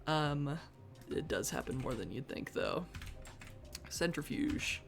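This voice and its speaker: A woman with a low, gravelly voice talks her way slowly through a live game stream, muttering wry asides to herself. Her delivery swings widely in pitch, jumping from flat mumbles to sudden squeaky outbursts. Soft background music plays under her voice. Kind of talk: casual live gameplay commentary. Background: faint background music.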